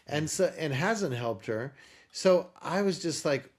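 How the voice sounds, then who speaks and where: Speaking slowly in a fairly high voice, a company founder tells an interviewer a story from his own life. He brings it alive by acting out what the people in it said.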